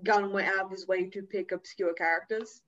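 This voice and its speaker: A woman's voice: mid-range voice, steady tone, moderate pace, a bit bright, highs cut off. A woman co-hosting a casual comic book podcast, frank and swearing freely. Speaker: podcast co-host. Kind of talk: casual chat.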